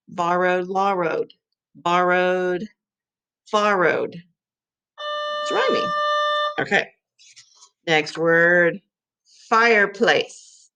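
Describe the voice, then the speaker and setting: A woman's voice: low voice, fairly bright tone. A woman teacher giving a patient vocabulary lesson for young children, sounding out letters and clapping syllables.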